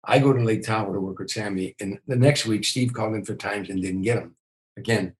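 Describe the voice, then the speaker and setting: Older guy spinning old showbiz stories, lowish voice, gets lively, stumbles into sentences. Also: brisk, low-quality recording. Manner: animated storyteller, repeats words when starting. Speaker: comedian guest. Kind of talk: storytelling in a podcast interview.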